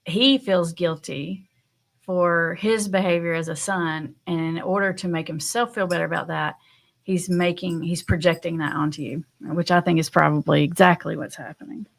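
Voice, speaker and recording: A woman's voice: on the low side, fairly even intonation, normal speed, vocal fry. A woman hosting a casual live stream, chatting to her viewers in a loose way with frequent ums and light laughs.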